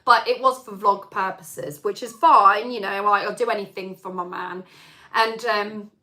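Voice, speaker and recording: Chatty woman with a bright voice. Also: medium pitch, steady tone, measured pace. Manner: chatty, rambling storyteller with many fillers. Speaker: singer hosting a live chat stream. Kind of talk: casual live-stream chat.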